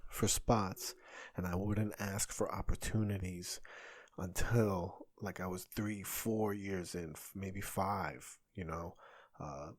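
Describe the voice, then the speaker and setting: A man's voice: sits low, fairly even intonation, slow. A man in his thirties, a comedian hosting a solo podcast, talking in a rambling, conversational way that often stops and restarts. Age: 30s. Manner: rambling, self-interrupting, conversational.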